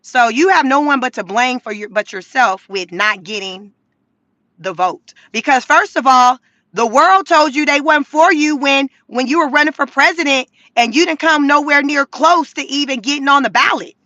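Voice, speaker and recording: A high-voiced woman delivers a blunt, mocking rant full of profanity. Her tone is bright and cutting, recorded close and dry inside her car. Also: moderate pace, dry recording, highs cut off. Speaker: vlogger. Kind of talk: casual commentary rant.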